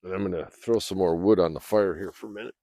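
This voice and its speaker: A man telling a personal story in a rambling, casual way, clearing his throat often, recorded outdoors by a fire. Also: low voice, fast, dark tone, no room sound. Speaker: vlogger.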